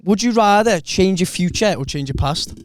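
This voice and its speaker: A man's voice: high voice, lively intonation, no room sound. A young man, co-hosting a podcast and putting questions to the others. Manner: quick, asks questions, says lad a lot. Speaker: podcast co-host. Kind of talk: casual chat.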